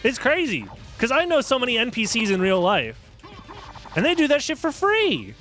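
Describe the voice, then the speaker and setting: A young male streamer chats casually while playing a game, rambling, joking and mocking himself, with the odd swear word. His voice sits high and swings lively up and down. Faint music runs underneath. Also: moderate pace. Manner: rambling, joking, self-deprecating, swears freely. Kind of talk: casual commentary while gaming.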